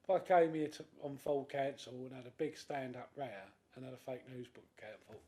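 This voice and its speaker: A man, a councillor speaking in a committee debate, animated and acting out other people's voices. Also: mid-range voice, a little fast, hardly any pauses. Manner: animated, acts out quoted voices. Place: council chamber.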